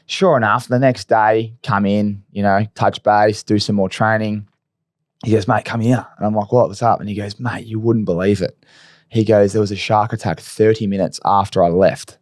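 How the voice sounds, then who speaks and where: A man's voice: fairly low pitch, steady tone, normal speed, a little mellow, dry recording, clean studio sound. A man hosting a casual interview, chatty and blunt, swearing freely. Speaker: podcast host.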